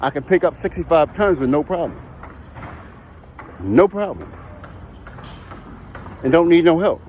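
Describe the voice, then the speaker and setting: Chatty man with a higher voice. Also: big pitch swings, measured pace, a little mellow, a little hiss or hum. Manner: repetitive, conversational, keeps checking in with the listener. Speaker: heavy equipment and recovery operator. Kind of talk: casual vlog talk to camera.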